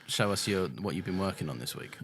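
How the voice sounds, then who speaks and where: A man's voice: sits low, expressive, fast, fairly bright tone, husky. A man co-hosting a podcast, chatting casually and jokily, swearing often and restarting his sentences. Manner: swears a lot, jokey, many restarts. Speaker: podcast co-host. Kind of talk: casual chat recapping an episode.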